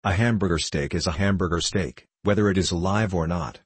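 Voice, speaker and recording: A cowardly storybook colonel, as a male narrator plays him, wailing and full of self-pity. The voice is deep and husky. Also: fairly quick, no room sound.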